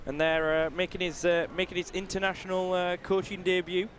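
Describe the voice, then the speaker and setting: A man's voice: high-pitched, little pitch movement, a little fast, slight background noise. A man calling live ice hockey play-by-play from the gantry, teasing his colleagues dryly. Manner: dry teasing banter. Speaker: play-by-play commentator. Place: commentary gantry at an ice rink.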